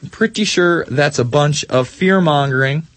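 A man hosts a talk radio show with a slightly high voice. He mocks the headlines sarcastically, drawing words out for stress and then speeding up. The studio sound is dry and close. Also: fairly bright tone, no echo. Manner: sarcastic, mocking, swings between slow emphasis and quick rants. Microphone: studio microphone.

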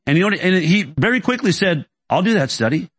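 A man as an interview guest, telling a long story emphatically and quickly, acting out dialogue and restarting sentences. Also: high voice, very animated. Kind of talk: animated storytelling in conversation.

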